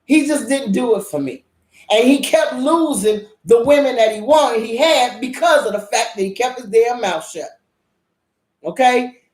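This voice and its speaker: A woman's voice: a little high, lively intonation, measured pace, darkish tone. A woman host reviewing a drama in a casual, blunt rant, swearing heavily and repeating herself for emphasis. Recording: echoey room.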